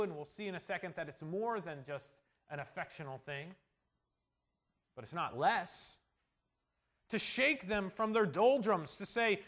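High-voiced earnest male preacher. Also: lively intonation. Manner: earnest, slows down to stress quoted verses; dynamic, swings between quiet asides and loud emphasis. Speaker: pastor. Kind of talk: expository sermon.

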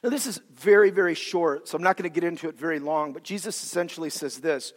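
A male preacher giving a sermon in an animated, dramatic way, acting out quotes with different voices. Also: fairly high pitch, fast talker. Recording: long reverb of a large hall.

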